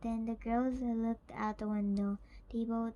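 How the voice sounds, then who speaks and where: A woman reading a children's picture book aloud in a slow, careful, gentle way. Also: fairly high pitch, little pitch movement, lo-fi sound. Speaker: storyteller.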